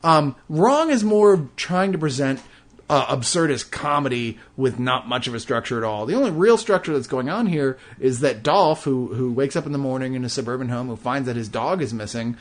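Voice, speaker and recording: A man reviewing a film in casual chat, rambling and laughing, often swinging between hushed and excited. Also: medium pitch, brisk.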